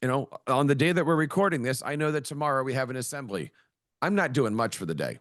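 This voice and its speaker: A middle-aged male educator in a podcast interview, with a mid-pitched voice recorded close and dry. He tells anecdotes and slips into the voices of the people he quotes. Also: expressive, fast, a bit bright, no echo. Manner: storytelling, acts out quoted voices. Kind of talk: conversational interview.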